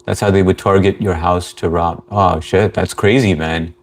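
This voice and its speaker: Brief: male livestream host, lowish voice, easygoing chat, reads comments and greets viewers. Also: steady tone, normal speed, slight background noise. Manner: easygoing, greets viewers by name, frequent fillers.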